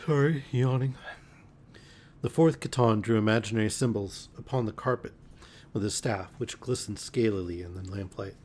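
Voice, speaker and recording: A man reading a pulp fantasy novel aloud as a bedtime story, measured with occasional slips. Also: fairly low pitch, steady tone, a little mellow, slightly rough.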